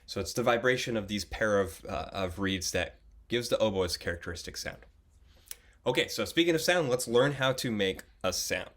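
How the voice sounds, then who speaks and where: A young man with a fairly low voice walks beginners through an oboe lesson. He is patient and encouraging and talks plainly, often pausing with fillers and restarting his phrases. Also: expressive, a bit bright. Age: young adult. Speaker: oboe teacher. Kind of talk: instructional video lesson.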